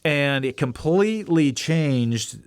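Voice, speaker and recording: A man hosting a podcast, telling a casual story in an animated way and acting out the voices he quotes. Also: a little high, slow pace, clean tone, no echo, clean studio sound. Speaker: podcast host.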